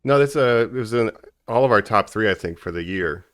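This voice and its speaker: A man's voice: fairly low pitch, animated, a little fast. A man co-hosting a casual podcast, talking in an easygoing, agreeable way. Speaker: podcast co-host.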